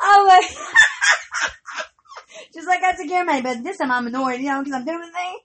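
Woman host, loose profane chat, high voice with wild swings, laughs through everything. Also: big pitch swings, normal speed, long pauses, noisy background. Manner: profane, laughs constantly, swings loud to quiet. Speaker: podcast host. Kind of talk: casual rambling chat.

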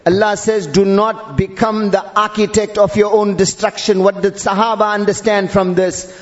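A man's voice: sits high, level tone, normal speed. A male preacher delivering a sermon, drawling and repeating Arabic terms with rising emphasis. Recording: dull audio in a long-reverb hall.

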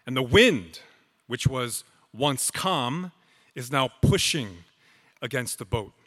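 A man preaching a sermon as pastor, slow and emphatic with dramatic pauses. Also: medium pitch, lively intonation, sharp tone, big-room sound.

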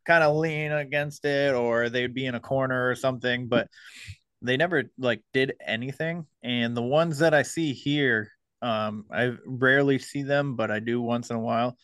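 A man hosting a podcast, speaking in a relaxed, hesitant way with many ums. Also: medium pitch, normal speed, clean tone, dry recording. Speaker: podcast host. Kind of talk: casual conversation.

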